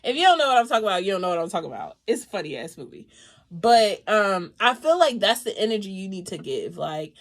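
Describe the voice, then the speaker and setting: A woman doing a live tarot reading, talking in a lively, casual way, swearing freely and laughing often. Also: mid-range voice. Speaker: tarot reader.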